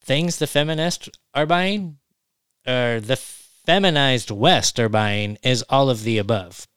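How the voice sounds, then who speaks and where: A man with a smooth, resonant voice reads a list slowly and deliberately during a casual chat. His voice sounds dry and close, with no room around it, and his pitch sits in the middle. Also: fairly bright tone, dry recording. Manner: slow, deliberate list reading.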